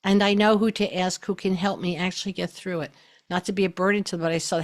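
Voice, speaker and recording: A woman's voice: on the low side, steady tone, fast. A middle-aged woman hosting a spoken talk on self-love, chatty and emphatic. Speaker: host.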